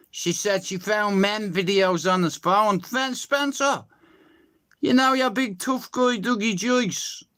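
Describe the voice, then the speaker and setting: Man streaming live, profane mocking rants, drawn-out slow speech. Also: sits high, fairly bright tone. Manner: crude, mocking, profane ranting.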